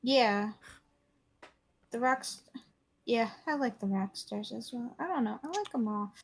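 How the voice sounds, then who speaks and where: A woman co-hosts a relaxed podcast, mostly answering in short, easy agreement. Her voice is high, and she talks slowly and without hurry. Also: breathy edge. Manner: easygoing, short agreeing replies. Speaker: podcast co-host. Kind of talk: casual chat.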